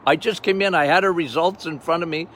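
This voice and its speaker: An older man hosting a health podcast as a doctor, talking loudly and passionately in a casual monologue. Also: a little high, fast talker, slight background noise. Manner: loud, passionate, emphatic.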